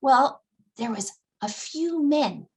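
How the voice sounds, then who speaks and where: A woman from Newfoundland telling a fairy tale to children, expressive and dramatic, with gasps and hushed asides. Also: high voice, slow pace. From Newfoundland, Canada. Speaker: storyteller. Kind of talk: oral storytelling for children.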